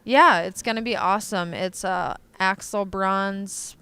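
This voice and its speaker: Smooth-voiced young woman with a Michigan accent. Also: mid-range voice, a little slow, a bit bright, dry recording. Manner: easygoing, laughs readily. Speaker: podcast guest. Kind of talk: casual chat. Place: convention floor.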